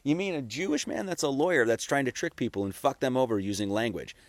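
A man's voice: medium pitch, lively intonation, fast talker, no echo, studio quality. A man giving a casual, conversational sermon, full of rhetorical questions and profane asides. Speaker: preacher.

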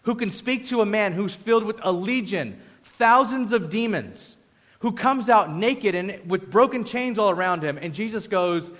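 Male pastor, casual preaching voice, acts out quotes; high-pitched, big reverberant hall. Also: expressive, moderate pace, fairly bright tone. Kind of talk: sermon.

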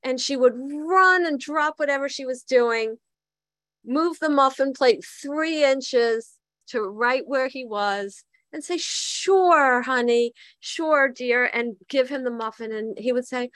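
A woman's voice: sits high, measured pace, fairly bright tone, no room sound. A middle-aged woman giving a candid, reflective recovery talk, thinking aloud and poking fun at herself. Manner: candid, self-deprecating, thinks aloud with fillers. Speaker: twelve-step recovery speaker.

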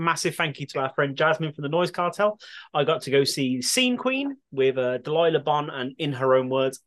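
A man's voice: medium pitch, a bit bright. Chatty Welsh man co-hosting. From England. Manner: chatty, enthusiastic, swears casually. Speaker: podcast co-host. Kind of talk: casual podcast chat.

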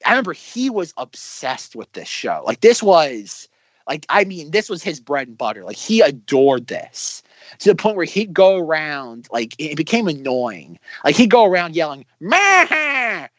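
A man's voice: a little high, very animated, normal speed, no room sound. A man in his thirties co-hosting a podcast, chatting casually and rambling animatedly with lots of fillers. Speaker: podcast co-host. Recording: slightly dull, dry lo-fi audio.

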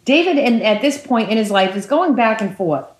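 A woman's voice: a little high, moderate pace. Emphatic woman preaching, echoey room. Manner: animated, emphatic storytelling with repetition. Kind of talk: sermon. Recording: roomy echo.

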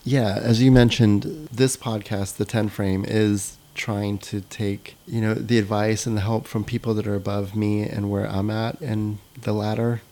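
A man's voice: lowish voice, little pitch movement, unhurried, few pauses, warm tone. A man hosting a podcast interview, casual and a little hesitant, with many fillers. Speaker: podcast host.

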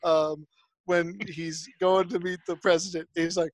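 A man's voice: sits high, flat delivery, measured pace, no echo. A man hosting a casual chat, talking with many stumbling restarts and acting out film quotes as he goes. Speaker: podcast host.

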